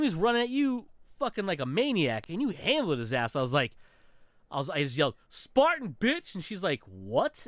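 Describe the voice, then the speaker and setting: A man's voice: fairly high pitch, dry recording, clean studio sound. A man co-hosting a podcast, telling gaming stories in casual chat, swearing and acting out quotes. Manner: animated storytelling, swearing, acts out quotes. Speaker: podcast co-host.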